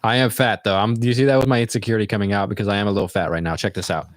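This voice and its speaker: Guy, lowish voice, dry close sound, rambling reflective stream host. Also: steady tone, very fast, dry recording. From United States. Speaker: livestream host. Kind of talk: casual livestream chat.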